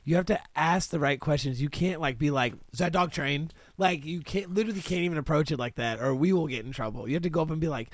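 A man's voice: on the high side, fast, few pauses, no echo. Laid-back swearing man telling stories. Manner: laid-back, swears a lot, acts out quotes. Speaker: podcast co-host. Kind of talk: casual chat, storytelling.

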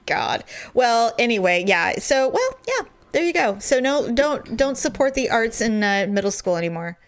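Animated sarcastic woman, slightly high voice. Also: normal speed. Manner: sarcastic, animated, laughs often. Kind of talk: casual chat.

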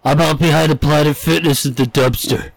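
A man co-hosting a comedy podcast, throwing in crude, absurd jokes in a deadpan way. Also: a little high, brisk, gravelly, no room sound, rough recording. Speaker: podcast co-host. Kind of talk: casual comedic banter.

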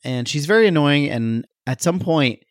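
A man's voice: a little high, expressive, normal speed, dry recording, studio quality. A man co-hosting a podcast, chatting casually about a movie in a rambling, hesitant way with wry complaints. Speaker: podcast co-host. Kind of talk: casual movie review chat.

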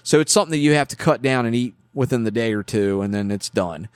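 A man's voice: mid-range voice, quick pace, clean tone, no echo. A man co-hosting a casual podcast, chatty and joking, rambling with restarts. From West Virginia. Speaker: podcast co-host. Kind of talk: casual chat.

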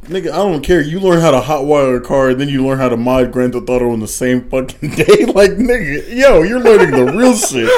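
A young man co-hosting a casual podcast, talking loudly and profanely and laughing often, with big jumps in pitch for effect. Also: brisk, hardly any pauses. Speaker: podcast co-host.

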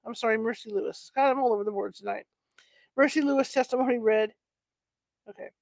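A woman's voice: fairly high pitch, fast talker, gravelly, a little mellow, no room sound. A woman with allergies reading a nonfiction history book aloud in a casual way, stumbling over words, correcting herself and adding chatty asides. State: bothered by allergies.

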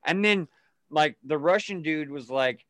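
A man's voice: on the high side, measured pace, no room sound. A man from Wales in casual podcast chat, telling stories with lots of swearing and acted-out quotes. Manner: animated, profane storytelling with acted-out quotes.

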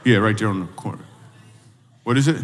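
A man's voice: fairly low pitch, fairly quick. Male comedian, crowd work, teasing, repeats questions, long hall reverb, faint room noise. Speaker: stand-up comedian. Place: stage in a church hall.

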